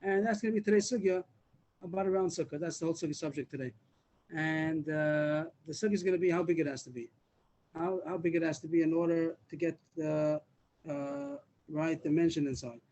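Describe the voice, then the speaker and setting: A man's voice: a little high, steady tone, fairly quick, a little mellow, low-quality recording. A man teaching a Talmud class over a video call, explaining step by step with repeated words and restarts. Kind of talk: Daf Yomi class.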